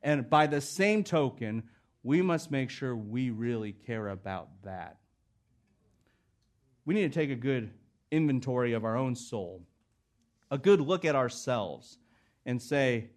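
A man's voice: mid-range voice, expressive, measured pace, long pauses. A middle-aged man preaching an expository sermon, earnest and emphatic, building his points through repeated phrases.

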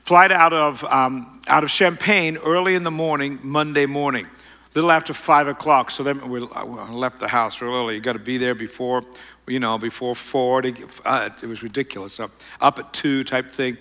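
A middle-aged man telling a self-mocking personal story to an audience, rambling and animated. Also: mid-range voice, normal speed, in a large hall.

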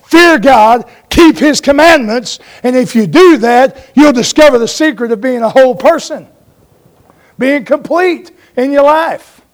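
A man's voice: very high-pitched, a little slow. A man preaching a sermon in a folksy way, telling stories and asking his congregation for an amen.

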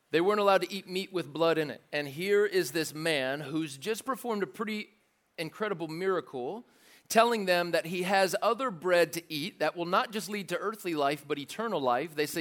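Man, pastor, animated sermon, jokey, acts out crowd voices, fairly high voice. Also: moderate pace.

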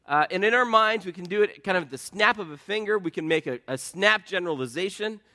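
A man preaching a sermon as pastor, in a conversational storytelling way with self-deprecating humor, getting lively as he tells anecdotes. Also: sits high, quick pace. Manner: lively, rising when telling anecdotes.

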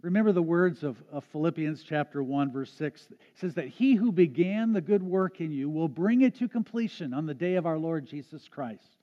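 A man's voice: fairly high pitch, lively intonation, normal speed, hardly any pauses. A man preaching a sermon as a pastor in a church, earnest, often restarting his phrases. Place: church sanctuary. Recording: dull, echoey sanctuary sound.

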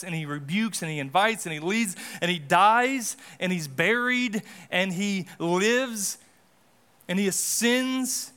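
A man's voice: sits high, pushed and bright. A man pastor giving a casual, conversational sermon in a church, with frequent restarts and asides. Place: church sanctuary.

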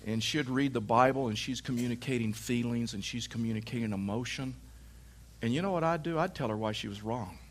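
A man preaching a sermon, telling a lively personal story and acting out his wife's lines. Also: medium pitch, brisk, a little hiss or hum.

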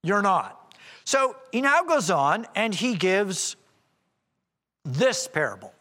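Male preacher, high and animated, chatty explaining with asides, long church-hall reverb. Casting note. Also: takes it slowly. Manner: conversational, explaining with rhetorical asides. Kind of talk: expository sermon.

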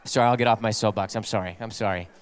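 A man's voice: lowish voice, steady tone, quick pace, clean tone. A middle-aged man, a pastor, preaching a sermon and telling stories and jokes to his congregation. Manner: storytelling preacher who plays out quotes and jokes with the congregation.

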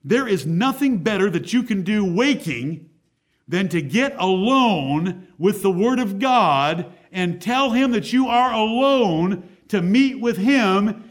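A man with a fairly high voice preaches a sermon from the pulpit. He reads the scripture slowly and with weight, then explains it in an earnest, direct way to a church congregation. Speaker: pastor.

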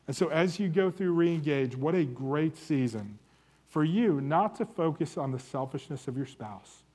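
Man, forties, slightly high voice, church marriage talk, sermon style, self-mocking storyteller. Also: animated, moderate pace, a little mellow. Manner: candid, self-deprecating storytelling with humor. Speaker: church marriage ministry speaker.

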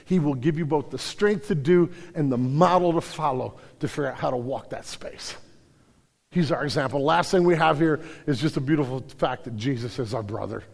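A man's voice: mid-range voice, moderate pace, vocal fry. A man preaching a passionate sermon to a congregation, building to emphatic peaks. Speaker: pastor. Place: church sanctuary. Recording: hall reverb.

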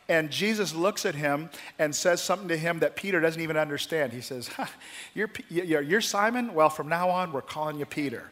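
A male pastor preaching a sermon, telling the story with lively, acted-out quotes. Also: a little high. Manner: animated storytelling, acting out voices in quotes.

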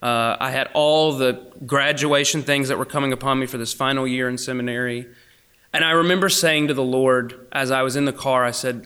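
A young man preaching a sermon, going from emphatic, raised passages down to hushed, almost whispered lines. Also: medium pitch, moderate pace, vocal fry. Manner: swings between emphatic and hushed, near-whispered asides. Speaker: pastor.

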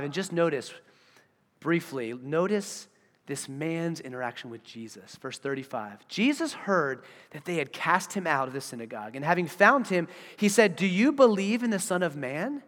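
A man's voice: on the high side, normal speed. A man preaching a sermon as pastor, acting out the voices of the people he talks about. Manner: animated, acts out voices of the people he describes. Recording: reverberant church hall.

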